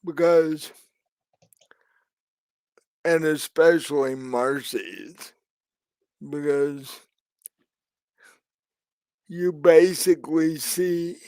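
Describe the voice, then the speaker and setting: A man's voice: on the high side, steady tone, very slow, long pauses, a little mellow, clear, resonant tone, dry recording. A man narrating as game master of a tabletop game, hesitant with many fillers and restarts.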